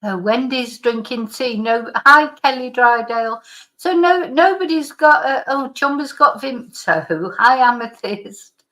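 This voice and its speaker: A woman's voice: a little high, animated, a little slow, a bit bright. A middle-aged woman with a slight lingering cough, hosting a live stream in rambling, casual chat as she reads out viewer comments. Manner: rambling, chatty, with frequent restarts and laughs.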